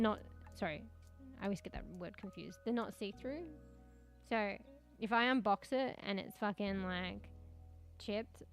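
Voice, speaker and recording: A young woman streams from home and chats loosely with her viewers through a desk microphone. Her voice has a gravelly fry, and she rambles, swears freely and laughs often. Soft music plays faintly behind her. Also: medium pitch. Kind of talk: casual chat with stream viewers.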